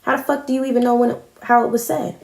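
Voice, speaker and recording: A woman delivers a confrontational live-stream rant, full of profanity and pointed repetition. Her voice sits a little high. The sound bounces around an echoey room. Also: flat delivery, fast talker, creaky, a little mellow.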